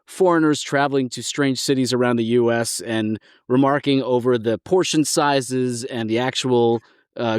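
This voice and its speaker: A man's voice: medium pitch, clear, resonant tone, no room sound, clean studio sound. An American man, a guest co-host and organisational psychologist, chatting and joking casually with fillers on a podcast. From United States. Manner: chatty, joking, many fillers like "you know".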